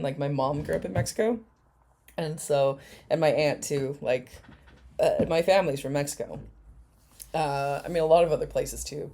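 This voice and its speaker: A woman's voice: sits low, dark tone. A woman giving sarcastic, profane reaction commentary on video clips. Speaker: commentary YouTuber.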